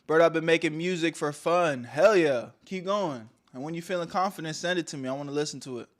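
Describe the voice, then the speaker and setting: A young man hosting a casual livestream, bantering loosely with his chat and swinging between loud calls and mumbled asides. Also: a little high, fairly quick. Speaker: streamer.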